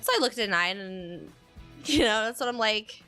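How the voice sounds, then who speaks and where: Lively, bright-voiced woman telling stories. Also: medium pitch, normal speed, faint music behind. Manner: animated storytelling with laughter. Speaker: streamer co-host. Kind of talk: casual chat.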